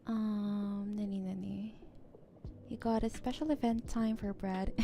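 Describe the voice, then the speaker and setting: A woman streamer talking softly with her viewers in a giggly ASMR chat. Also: medium pitch, slow pace, a little hiss or hum. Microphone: close ASMR microphone. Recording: clear background music underneath. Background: background music.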